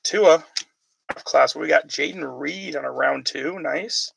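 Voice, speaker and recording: A man with a deeply gravelly, husky voice hosts a live card break. He talks casually, reading off player names and chatting with viewers between pulls. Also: slow pace, a bit bright, dry recording, poor audio.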